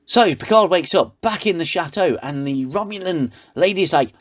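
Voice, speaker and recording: A man's voice: a little high, expressive, moderate pace, few pauses. A man giving a sarcastic, ranting comedic recap of a TV episode. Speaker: reviewer.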